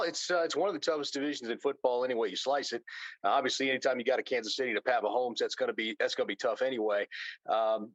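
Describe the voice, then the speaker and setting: A man's voice: a little high, dry recording, dull audio. Dry-sounding American man with wisecracks. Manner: conversational, many fillers and restarts, wisecracking. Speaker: NFL insider guest. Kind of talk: casual podcast interview.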